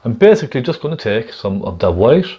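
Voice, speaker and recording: A man gently demonstrating a painting technique step by step, chatting and checking in with the viewer as he works. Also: mid-range voice, very animated, fairly quick, husky, dull audio. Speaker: painting instructor.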